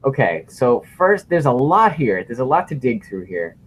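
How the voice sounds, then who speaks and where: Livestream co-host, man, lively up-and-down delivery, rambling jokey chatter. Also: mid-range voice, normal speed, slight background noise. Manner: rambling, joking, reads viewer questions. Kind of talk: casual livestream chat.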